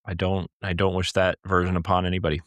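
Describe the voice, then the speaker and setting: A man co-hosting a gaming podcast, chatting casually in a rambling, animated way with lots of fillers. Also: low-pitched, fast, no echo. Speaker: podcast co-host. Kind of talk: casual chat.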